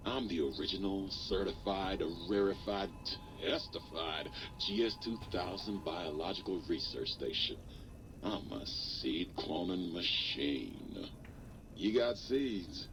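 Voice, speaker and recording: Sleazy machine, very deep, gravelly, slow drawl, game audio, noticeable noise. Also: male voice, very animated, full character voice. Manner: sleazy crooning innuendo, calls listener baby. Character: lewd, smooth-talking male plant research machine.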